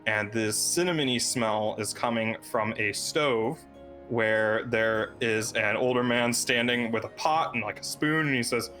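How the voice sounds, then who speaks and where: Guy dming a tabletop game, chill rambly narration, lots of uhs and laughs, average pitch. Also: a little slow, pushed and bright, soft background music. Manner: laughs often, loose narration with many fillers. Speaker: dungeon master.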